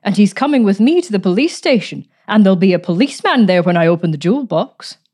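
A woman's voice: mid-range voice, expressive, fast, darkish tone, lightly acted. Woman reader voicing a spiteful aunt, harsh, grating, imperious, storybook. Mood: accusing. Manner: imperious, sullen, commanding. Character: harsh domineering spiteful middle-aged aunt.

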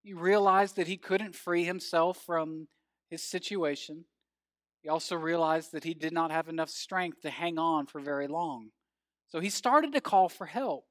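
A man preaching as pastor, reading scripture in a measured, earnest way and telling a story, his phrase ends falling soft. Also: a little high, dry recording, studio quality.

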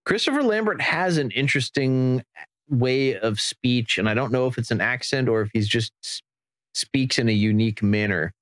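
A man hosting a casual movie chat, relaxed and enthusiastic as he plays clips. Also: medium pitch, normal speed, no room sound. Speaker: podcast host and game master.

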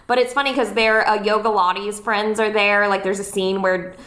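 A woman's voice: mid-range voice, steady tone, moderate pace, a bit bright. A young woman co-hosting a casual rewatch podcast, giggling and restarting her sentences as she talks. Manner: giggly, hesitant, many restarts. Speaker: podcast co-host.

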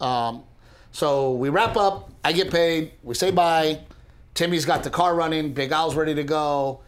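Animated man telling a story. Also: fairly high pitch, a little slow. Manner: animated, speeds up when excited, many restarts. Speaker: podcast co-host. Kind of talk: casual storytelling chat.

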